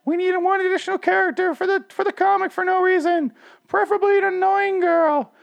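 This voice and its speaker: A man putting on a high mocking falsetto for a woman survivor calling out in a sarcastic comic-book recap. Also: fairly even intonation, brisk, gravelly, no room sound, muffled recording, heavily acted.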